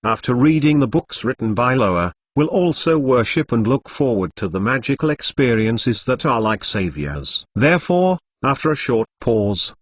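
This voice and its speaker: A man's synthetic-sounding voice narrating a story in a flat, even manner, reading punctuation aloud, close to the mic. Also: mid-range voice, no room sound. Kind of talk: audiobook narration of fan fiction.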